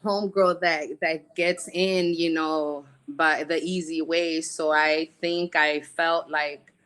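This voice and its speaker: A woman guest in an interview, telling her life story frankly with streetwise slang and halting pauses. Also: low-pitched, fairly even intonation, a bit bright, clear, resonant tone, low-quality recording. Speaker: guest, casting company founder. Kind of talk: candid personal storytelling in interview.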